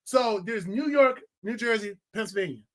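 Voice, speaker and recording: High-pitched young guy doing a movie review vlog, hyped up and cussing, keeps cracking up. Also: normal speed. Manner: animated, swearing, laughing often. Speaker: film reviewer.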